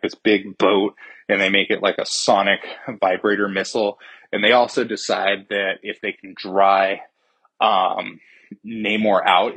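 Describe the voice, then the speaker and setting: A man's voice: on the low side, a bit bright, husky, dry recording, rough recording. A young man giving a rambling, profane, jokey spoiler review of a movie.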